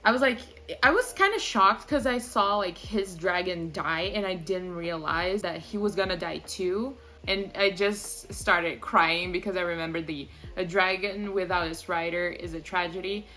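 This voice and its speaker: A young woman vlogging a casual book review, gushing and animated, full of "like" and quick laughs. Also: fairly low pitch.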